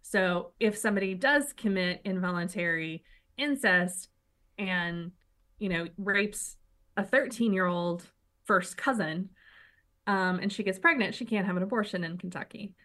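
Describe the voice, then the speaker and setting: A woman of middling pitch co-hosting a political talk show. She is blunt and opinionated and talks in long, flowing runs. Her tone stays casual. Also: a little slow, a bit bright. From United States. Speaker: co-host.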